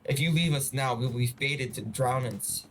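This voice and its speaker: A man's voice: medium pitch, moderate pace, a bit bright, lightly acted. Desperate male cult follower, pleading, anguished, read by a man in his own mid voice, faint music behind. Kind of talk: voiced reading of game dialogue.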